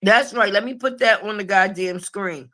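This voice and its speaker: A woman's voice: mid-range voice, moderate pace, sharp tone. A middle-aged woman giving casual live-stream commentary, brash and profane, laughing often at her own jokes.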